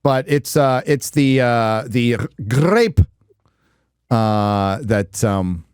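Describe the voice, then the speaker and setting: A man hosts a reaction livestream in loose, sarcastic banter. His voice sits at a middling pitch, recorded dry and close with no room sound. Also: animated, extremely slow, a little mellow, smooth, no room sound. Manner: joking, sarcastic, laughs often. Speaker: livestream show host. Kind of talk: casual reaction chat.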